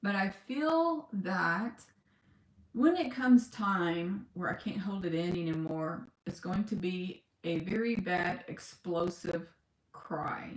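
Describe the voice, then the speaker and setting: A woman talking in a personal video diary, on the edge of tears, halting and emotional, with sighs and pauses. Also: medium pitch, roomy sound. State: close to tears. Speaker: vlogger.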